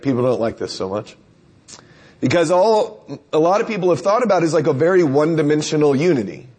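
A man's voice: a little high, darkish tone, breathy edge. A man preacher delivering a conversational sermon, telling stories and asking rhetorical questions.

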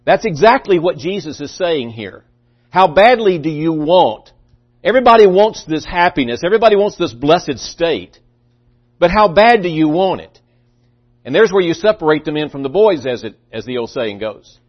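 A man's voice: on the high side, sing-song, normal speed, breathy edge. Earnest preaching man, lo-fi sound. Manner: earnest, emphatic, with restarts. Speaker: pastor. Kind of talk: sermon. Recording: dull lo-fi recording.

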